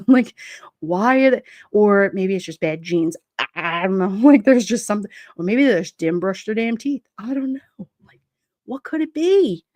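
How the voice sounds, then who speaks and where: A woman's voice: mid-range voice, normal speed, darkish tone, dry recording. A middle-aged woman with a New York accent chatting casually to her livestream, blunt and streetwise, often breaking into laughs. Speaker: livestream host. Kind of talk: casual live-chat talk.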